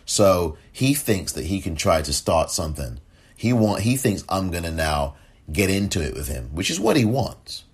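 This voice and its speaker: Podcast host, male: deep and husky, impassioned and indignant, wide expressive swings. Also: normal speed. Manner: mocking impersonations of others. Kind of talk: solo political commentary.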